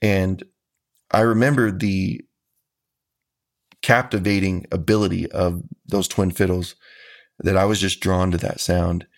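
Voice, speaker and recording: A man, a country musician, answering interview questions about his music in an earnest, folksy, measured way. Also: sits low, steady tone.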